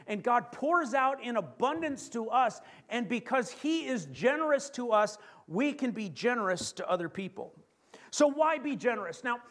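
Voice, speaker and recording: A pastor with a Canadian accent preaching a lively sermon, asking the congregation questions and slowing down to stress key phrases. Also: male voice, very high voice.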